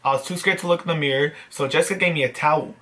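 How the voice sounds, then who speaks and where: A man vlogging, telling a story to camera in a casual, animated, self-mocking way and swearing freely. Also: fairly high pitch, very fast. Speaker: vlogger host.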